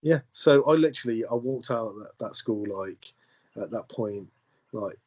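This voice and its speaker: A man recounts his experience in conversation, stopping and starting, repeating words as he goes. His voice is somewhat husky and sits at an ordinary middle pitch. The recording is a bit dull and lo-fi. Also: darkish tone. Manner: halting, with many restarts and repeated words. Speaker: podcast guest. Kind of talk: conversational storytelling.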